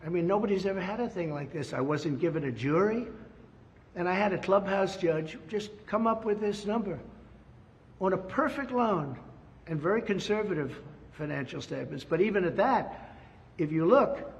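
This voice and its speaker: An older man from the United States speaks in an emphatic, repetitive press statement, his voice sitting a bit high. The sound is dull and lo-fi, with a long reverb trailing each phrase as if picked up in a large room. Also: animated, moderate pace. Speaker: former president.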